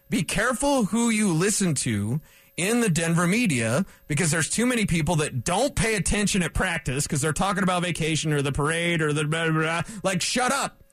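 Animated, blunt sports radio man. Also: sits high, no room sound. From rural area. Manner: blunt, animated, mocking impressions. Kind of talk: solo sports talk rant.

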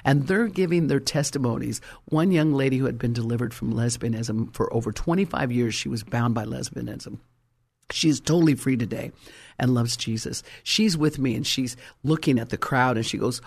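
Husky-voiced fervent male preacher. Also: medium pitch, normal speed. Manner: fervent, storytelling, rhyming emphasis. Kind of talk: sermon.

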